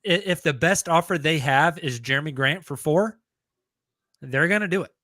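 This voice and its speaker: A man's voice: on the high side, moderate pace, pushed and bright, no echo. A man co-hosting a casual sports podcast, reading out trade rumors and arguing his points emphatically. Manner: emphatic, argues by role-playing hypotheticals.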